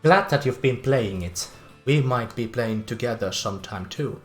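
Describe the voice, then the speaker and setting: A game streamer with a Finnish accent, casually chatting with viewers, excitable and laughing often. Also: medium pitch, moderate pace, soft background music. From Finland. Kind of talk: casual livestream game commentary.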